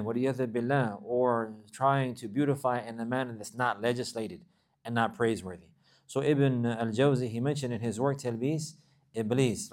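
A man teaching a religious lesson. He reads classical Arabic passages quickly, then explains them in English, often restarting and repeating phrases. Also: medium pitch, darkish tone. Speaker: Islamic teacher.

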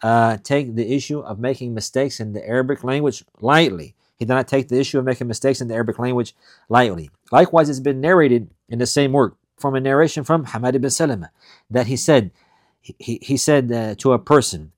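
A man teaching a religious lesson. He reads Arabic passages quickly, then explains them in English, repeating his key points with emphasis. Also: medium pitch, dry recording, clean studio sound. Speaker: Islamic studies teacher. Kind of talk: recorded lesson explaining classical texts.

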